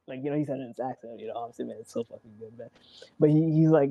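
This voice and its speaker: A man in casual chat about wrestling, rambling and excitable, acting out quotes and swearing. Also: medium pitch, rapid-fire, vocal fry, no echo, dull audio. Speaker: wrestling show co-host.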